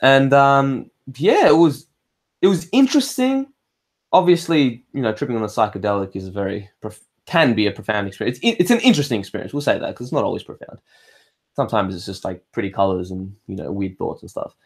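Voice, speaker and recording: A man's voice: fairly low pitch, lively intonation, fairly quick, husky. An Australian man chatting casually on a livestream. He rambles, swears freely, restarts his sentences often and answers viewer comments as they come in. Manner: reads viewer comments aloud and answers them. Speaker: livestream host.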